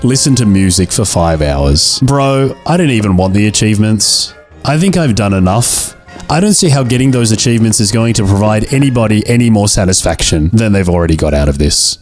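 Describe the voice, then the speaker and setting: A young man with a low voice commentates his gameplay in a jokey, mock-tragic way and groans theatrically at his own mistakes. Faint game music plays behind him. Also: animated, fairly quick, darkish tone. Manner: mock-dramatic, self-pitying, jokey. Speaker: gaming video creator. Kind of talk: let's-play commentary.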